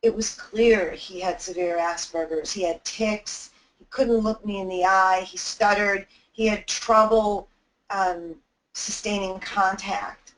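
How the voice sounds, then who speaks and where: A woman's voice: medium pitch, fairly even intonation, slow, a bit bright, a little hiss or hum, rough recording. A woman giving an anti-bullying webinar talk, telling a personal story in an earnest, heartfelt way.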